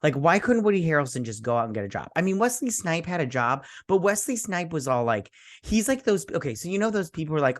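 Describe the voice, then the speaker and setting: Rambling, animated tipsy man. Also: on the high side, fast, few pauses. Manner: rambling, animated storyteller with many restarts. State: tipsy from drinking. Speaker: podcast co-host. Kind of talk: casual movie review chat.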